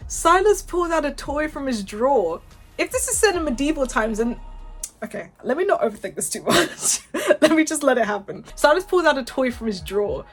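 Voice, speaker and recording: Giggly high-voiced woman reading fanfic. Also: lively intonation, a little fast, soft background music. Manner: giggly, keeps breaking into laughter. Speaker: channel host reading fanfiction. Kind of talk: casual reading aloud with commentary.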